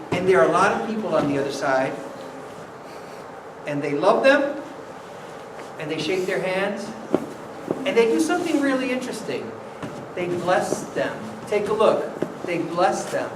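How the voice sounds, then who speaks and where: A priest telling a playful children's story in church and coaxing the kids with questions. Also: male voice, high voice, sing-song, a little slow, pauses often. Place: church sanctuary. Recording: echoey church from far off, noisy.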